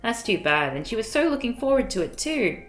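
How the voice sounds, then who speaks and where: A woman streamer voicing a gentle, tired middle-aged father while reading a visual novel aloud. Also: fairly high pitch, big pitch swings, brisk, reverberant, faint music behind, pitched above the performer's own voice. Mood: soothing.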